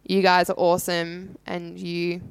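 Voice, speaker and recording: A young woman, co-hosting a camp radio show and reading shout-outs in an upbeat, friendly way. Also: on the low side, monotone, a little slow, clear, resonant tone, no echo. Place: small camp radio studio.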